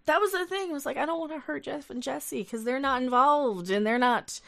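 A woman's voice: high-pitched, a little fast, vocal fry, a bit bright. A young woman hosting a casual livestream, ranting with lots of profanity, exasperated, and reading viewer chat aloud. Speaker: livestream host.

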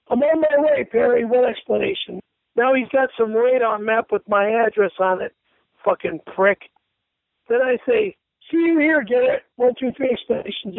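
On tinny phone-line radio audio, a man with a very high-pitched voice and vocal fry reads an online thread aloud, punctuation included. He stumbles over words and swears indignantly, and there's no room sound.

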